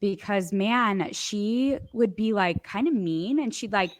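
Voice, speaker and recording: A woman hosts a relaxed podcast conversation, recorded dry and close. She tells stories in a lively, animated way, leaning on "like" and laughing often. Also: mid-range voice, takes it slowly, no echo. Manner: lively storyteller, many "like" fillers, laughs often. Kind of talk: casual chat.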